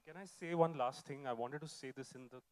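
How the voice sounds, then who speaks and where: A man's voice: medium pitch, brisk, a little mellow. A man moderating a festival session and telling a teasing anecdote about the guest.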